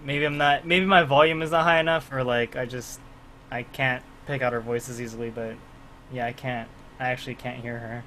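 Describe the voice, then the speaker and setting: Young guy with a bright edgy voice just chatting, kinda trails off. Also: medium pitch, fairly even intonation, moderate pace, low-quality recording. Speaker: podcast co-host. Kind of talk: casual chat.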